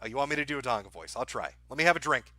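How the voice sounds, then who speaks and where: A man's voice: mid-range voice, sing-song, rapid-fire, pushed and bright, no echo. A man hosting a livestream, reading viewer donation messages aloud in a dry, offhand way with crude, irreverent humor and frequent filler sounds. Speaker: livestream host.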